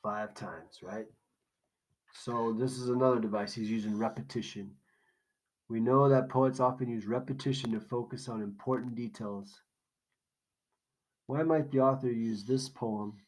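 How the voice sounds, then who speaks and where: A man's voice: medium pitch, steady tone, unhurried, long pauses, low-quality recording. Man teaching a poetry lesson. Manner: casual explaining, asks questions and answers them himself. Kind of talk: recorded classroom lesson walkthrough.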